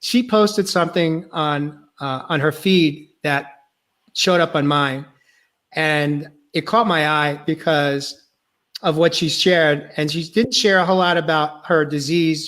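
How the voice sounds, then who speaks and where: A male podcast host sharing a personal testimony, earnest and halting, choked up and near tears. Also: a little high, fairly bright tone.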